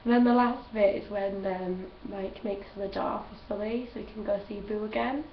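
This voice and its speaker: A woman's voice: mid-range voice, steady tone, moderate pace. Young woman, chatty, gushing, laughs a lot, dull lo-fi sound, faint hiss. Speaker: vlogger. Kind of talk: casual chat. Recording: roomy, distant, dull home recording.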